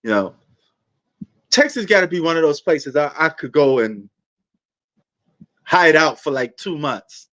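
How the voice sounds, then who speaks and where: A man's voice: fairly high pitch, very animated, a little slow, pauses often, a bit bright, muffled recording. A man hosting a sports livestream, rambling in a laid-back, casual way and talking straight to his viewers.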